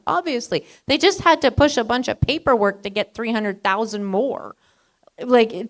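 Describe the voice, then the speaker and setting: A woman from Alberta with a bright, fairly high voice talks on a live panel. She is chatty and dryly sarcastic, and she scatters casual fillers through her points. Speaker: panel speaker. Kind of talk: live public panel talk.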